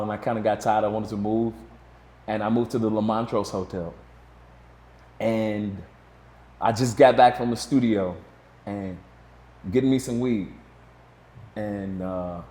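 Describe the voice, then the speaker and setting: A man in his forties, a guest being interviewed, tells a long story casually and ramblingly, packed with "you know" and restarting his sentences with it. His mid-range voice is a little mellow, and the recording has a roomy echo.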